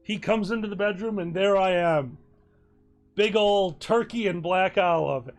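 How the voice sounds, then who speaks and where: A man on a charity stream telling a convention story in casual chat, animated and laughing through his story. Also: high-pitched, unhurried, faint music behind.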